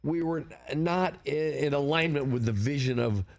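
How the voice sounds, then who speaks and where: An older man being interviewed in a studio, with a voice of middle pitch. He tells long, rambling stories and brings them to life when he quotes people. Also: moderate pace, gravelly. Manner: rambling anecdotes, animated quoting. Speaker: film producer, guest. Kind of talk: casual interview storytelling. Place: broadcast studio.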